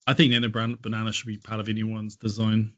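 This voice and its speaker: A man's voice: on the low side, completely flat delivery, quick pace, dull audio. A man co-hosting an online session, speaking casually and hesitantly, with repeated words and frequent ums. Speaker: webinar co-host. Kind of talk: casual conversation.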